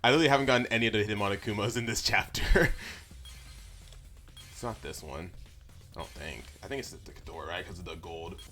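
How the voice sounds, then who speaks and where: A man's voice: on the low side, brisk, long pauses, fairly bright tone, faint music behind. A man streaming a game live, chatting casually with viewers, stammering and laughing as he talks. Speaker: let's play streamer.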